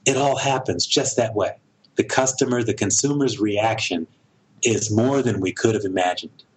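A middle-aged American man, a director and producer, talks thoughtfully in a casual interview, often pausing and restarting his sentences. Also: fairly low pitch, breathy edge, low-quality recording. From United States. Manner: thoughtful, halting, with frequent restarts.

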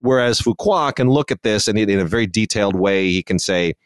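A man with a fairly low voice talks through films in a casual chat, opinionated and prone to restarts. The sound is dry and close, with no room around it. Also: a little fast, smooth, no room sound. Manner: digressive, opinionated, with frequent restarts. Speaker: film reviewer, podcast co-host.

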